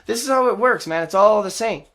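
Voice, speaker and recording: A man's voice: sits high, lively intonation, fairly quick, gravelly, fairly bright tone. A man hosting a show, giving heated, sarcastic political commentary with mocking asides. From Canada. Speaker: host.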